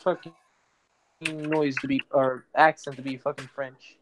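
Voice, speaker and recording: A man's voice: medium pitch, level tone, a little slow, a little hiss or hum. A man co-hosting a casual chat, hesitant and chatty with frequent restarts. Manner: chatty, hesitant, laughs often. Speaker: co-host.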